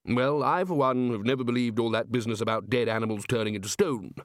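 A man voicing a smug, dismissive male wizard lecturer who speaks slowly. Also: mid-range voice, steady tone, dry recording, studio quality, close to an everyday voice.

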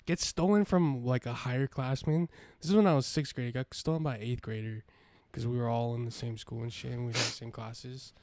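A man's voice: mid-range voice, steady tone, a little mellow, dry recording. A young man co-hosting a casual podcast, telling a rambling, profane story. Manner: rambling, profane, quick anecdotes. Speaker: podcast co-host.

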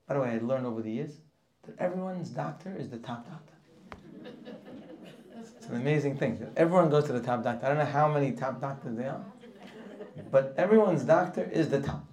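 Animated male rabbi preaching. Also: medium pitch, brisk, pauses often, a little hiss or hum. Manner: animated, swings from hushed to loud and emphatic. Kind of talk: sermon with storytelling.

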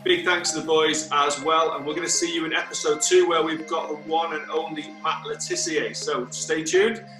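A man's voice: on the high side, fairly even intonation, normal speed, hardly any pauses, reverberant, music in the background, low-quality recording. A man hosting a podcast, giving an upbeat, slightly nervous outro. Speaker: podcast host. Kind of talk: casual outro.

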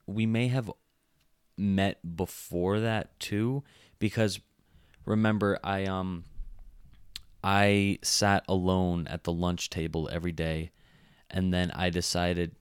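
A young man co-hosting a casual podcast, speaking softly and hesitantly, often restarting his sentences. His voice is very low, smooth and resonant. It is recorded close and dry. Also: fairly even intonation, slow pace, dry recording. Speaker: podcast co-host. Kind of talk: casual chat.

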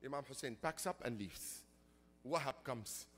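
A man preaching an emotional sermon as a story, going from hushed to loud and drawn out. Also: medium pitch, expressive, moderate pace, a little hiss or hum. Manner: impassioned, swings from hushed to loud and stretched-out.

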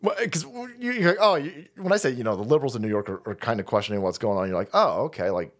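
A man's voice: mid-range voice, lively intonation, very fast. A man hosting a livestream, ranting in a casual, profane and sarcastic way and laughing often. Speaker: livestream host. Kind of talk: casual political rant.

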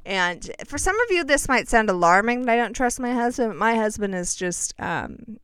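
Chatty woman with a smooth, dry voice. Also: on the high side, lively intonation, moderate pace, fairly bright tone, no room sound. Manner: chatty, self-mocking, dramatic asides. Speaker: vlogger telling a personal story. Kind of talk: casual storytelling chat.

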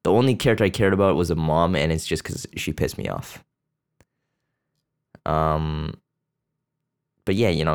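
Low, smooth-voiced man chatting crudely. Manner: rambling, loose, with many fillers and restarts; blunt and crude. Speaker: podcast host. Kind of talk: casual profane movie chat.

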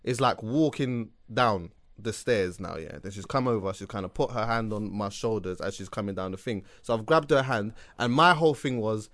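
A man with a London accent, a podcast host telling animated, slang-heavy stories in a casual chat. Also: on the low side, moderate pace, hardly any pauses, no echo. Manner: animated storyteller, slangy, bursts into laughter.

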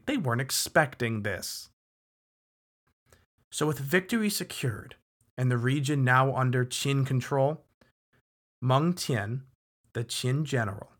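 A man's voice: medium pitch, a bit bright. A man hosting a history podcast, narrating in a casual, conversational way with emphatic asides to the listener. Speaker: podcast host.

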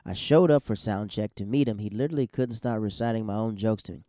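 Man, comedian podcast host, rambling casual talk, relaxed tone, dry room. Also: fairly low pitch, fast talker, no echo. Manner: loose, chatty, with frequent "man" and restarts.

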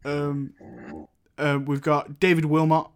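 A young man co-hosting a casual film podcast, talking in a rambling, halting way full of fillers. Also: a little high, level tone, clean tone. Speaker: podcast co-host.

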